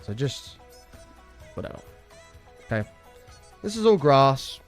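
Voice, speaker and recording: A man's voice: mid-range voice, sing-song, takes it slowly, soft background music. A young man streaming, telling a rambling story and chatting casually, swearing freely. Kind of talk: casual livestream chat.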